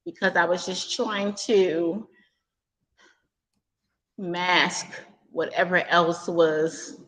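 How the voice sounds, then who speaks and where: An earnest woman with a slightly low voice speaks as a guest on a video call. She talks in a halting way and fights back tears as she shares. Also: low-quality recording. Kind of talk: casual heartfelt sharing.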